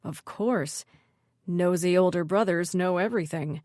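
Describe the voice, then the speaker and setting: A woman's voice: lowish voice, measured pace, darkish tone, dry recording, studio quality, close to an everyday voice. A woman voicing a teasing, dismissive young man in an audiobook, a playful older brother. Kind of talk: audiobook character voice.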